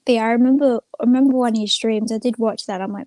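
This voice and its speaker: A woman's voice: on the high side, fairly even intonation, very fast, few pauses, dark tone, dry recording. A young woman chatting casually on a livestream, rambling and retelling stories with lots of "I'm like.". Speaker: streamer.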